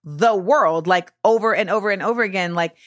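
An American woman hosts a conversational podcast, reacting quickly and joking along with her guest. Her voice sits in the middle range for a woman. It is recorded dry and close, with no room sound. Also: medium pitch, fairly bright tone, no room sound. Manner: quick reactions, laughing asides. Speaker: podcast host. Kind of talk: casual podcast chat.

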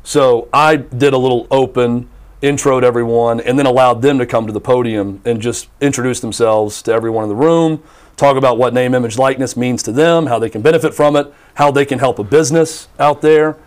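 A man co-hosting a sports talk radio show, telling stories in an animated way with plenty of fillers and restarts. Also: medium pitch, brisk.

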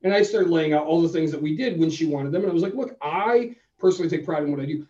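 A man co-hosting a podcast, telling a story in a casual, animated way and acting out both sides of the conversation. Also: fairly high pitch, fast. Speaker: podcast co-host. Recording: roomy, distant, dull sound.

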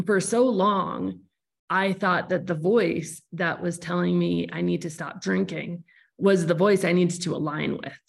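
Low gravelly woman podcast host, thinking out loud, lots of restarts. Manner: thoughtful, searching, many restarts. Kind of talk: reflective conversational interview.

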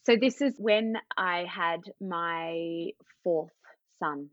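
Low-voiced Australian woman telling a story. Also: drawn-out words, no room sound. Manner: warm anecdotal storytelling, acts out quoted dialogue. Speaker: parenting guest, parent educator. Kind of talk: storytelling in a podcast interview. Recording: dull, slightly lo-fi dry sound.

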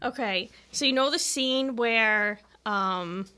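A woman, a musician guest on a podcast, chatting casually and telling an animated story with acted-out quotes and frequent laughs. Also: on the high side, slow, smooth. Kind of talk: casual chat.

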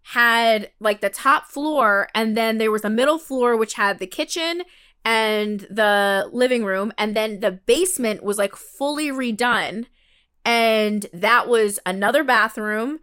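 A young woman telling a rambling, animated story in casual chat, full of fillers and acted-out quotes. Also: a little high, measured pace, smooth.

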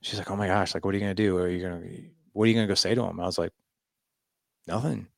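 Low gravelly man telling a story. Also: very fast, no room sound, clean studio sound. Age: 40s. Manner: animated, acts out quoted dialogue. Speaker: podcast guest. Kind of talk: casual storytelling.

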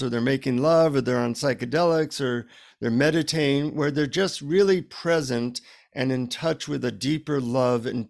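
A middle-aged man, an author, telling a story in an animated conversational way and acting out the dialogue. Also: mid-range voice, creaky. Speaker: author guest.

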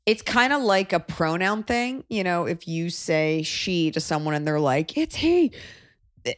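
Podcast host: chatty Texan woman, lowish voice, dry close sound. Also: normal speed, a bit bright, dry recording. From Texas. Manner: chatty, acts out voices in anecdotes. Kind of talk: casual chat.

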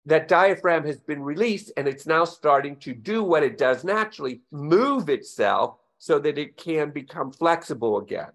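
A male guest expert explains his method patiently, one step at a time. His voice sits on the higher side for a man, and his answers are measured and instructive.

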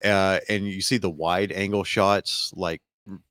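A man's voice: sits low, flat delivery, measured pace, a bit bright, no echo, studio quality. A man with a Southern American accent, hosting a casual podcast chat and telling a rambling story full of fillers. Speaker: podcast host.

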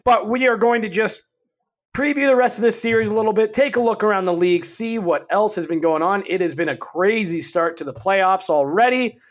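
High-voiced male podcast host. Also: brisk. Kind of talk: casual sports talk.

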